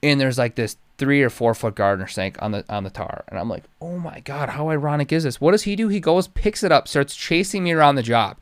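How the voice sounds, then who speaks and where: Smooth-voiced laid-back podcast guest man. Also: medium pitch, lively intonation, fast, few pauses, no echo. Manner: laid-back storyteller, swears casually. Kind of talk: casual podcast chat.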